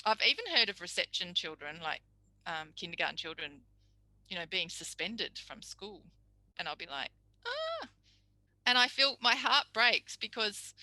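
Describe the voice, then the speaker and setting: A woman's voice: mid-range voice, sharp tone, no echo, poor audio. A woman teaching a speech pathology tutorial, chatty and explanatory, acting out examples. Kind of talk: recorded tutorial lecture.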